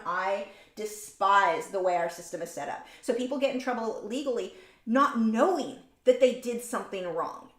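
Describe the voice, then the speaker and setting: A woman's voice: on the high side, fairly bright tone. Chatty woman hosting a painting livestream. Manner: chatty, reads viewer comments aloud, rants. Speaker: livestream host and artist. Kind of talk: casual livestream chat while painting. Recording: echoey room.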